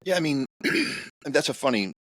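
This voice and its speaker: A man's voice: medium pitch, big pitch swings, a little slow, a bit bright, no echo. A man hosting a podcast, a former police officer, talking in a plain-spoken, profane, casual way.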